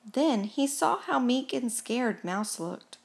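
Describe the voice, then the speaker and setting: A woman reading a children's picture book aloud, expressive and unhurried. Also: on the high side, vocal fry, breathy edge. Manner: slow, expressive storytelling. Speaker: storybook reader.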